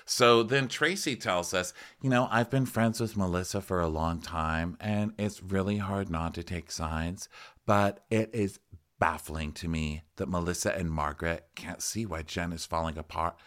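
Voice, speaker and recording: A man co-hosting a podcast, chatting casually with animated comic asides. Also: deep voice, unhurried. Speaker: podcast co-host. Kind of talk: casual chat recapping a reality show.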